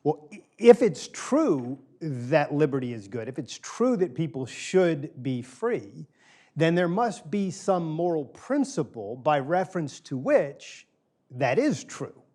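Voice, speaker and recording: A middle-aged guest lecturer gives an informal philosophy talk to a small live audience in a small room. His slightly high, warm voice is very animated yet unhurried, and his loose, conversational delivery repeats key phrases to drive them home.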